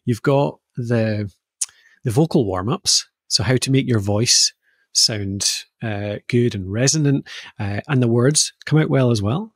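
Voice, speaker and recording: A Scottish man co-hosting a podcast, easily explaining voice warm-ups and playfully demonstrating vowel sounds. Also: mid-range voice, measured pace, no room sound, clean studio sound. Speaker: podcast co-host explaining voice skills. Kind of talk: casual podcast chat.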